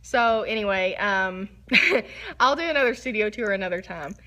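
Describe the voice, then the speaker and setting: A woman's voice: medium pitch, expressive, moderate pace, bright, forceful tone. A woman, a photographer hosting a casual livestream talk from her studio, bubbly, giggly and chatty. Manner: bubbly, giggly and chatty, self-described nervous.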